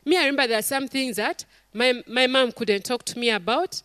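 A woman's voice: on the high side, fairly quick, clean tone, no echo, clean studio sound. A middle-aged woman, preaching a sermon to a congregation and acting out stories and quotes. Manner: animated storytelling, acts out quotes, calls to the congregation.

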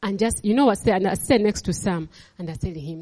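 A middle-aged woman preaching a sermon, animated and laughing as she tells stories from her own life. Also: mid-range voice, fairly quick, big-room sound. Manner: animated, laughing, code-switching storyteller.

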